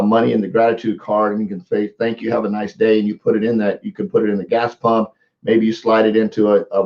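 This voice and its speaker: A man with a fairly low voice gives casual coaching tips on a live stream. He repeats words and restarts his sentences as he talks. The sound is dull and lo-fi. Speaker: motivational coach. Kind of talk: live social media talk.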